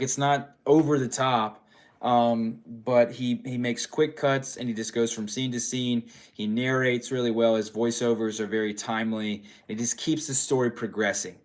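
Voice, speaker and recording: A tired man, a dad, chatting casually on a livestream, rambling and repeating his phrases while answering viewer chat. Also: medium pitch. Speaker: streamer reading viewer chat.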